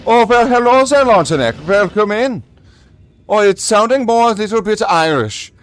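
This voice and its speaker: Canadian guy streaming a game, joky and rambly, kinda high voice. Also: animated, moderate pace. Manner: rambling, joking, restarts often. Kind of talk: livestream chat while gaming.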